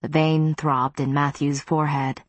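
A woman narrating an audiobook in the first person, measured and even, on a close studio mic. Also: low voice, no room sound.

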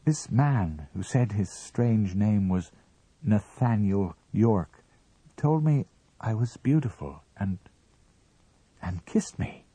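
A man voicing a young wife in a read-aloud story, lifting his voice high and light for her. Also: expressive, takes it slowly, mellow, breathy edge, no echo, exaggerated voice, rough recording. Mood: dreamy. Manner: light, raised voice for a woman. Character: young wife, dreamy and gently amused woman.

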